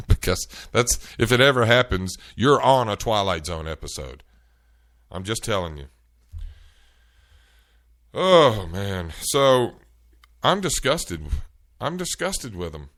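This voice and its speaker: A man hosting a show, telling an animated, exasperated story in casual chat. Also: fairly low pitch, slow pace. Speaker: show host. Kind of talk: storytelling rant.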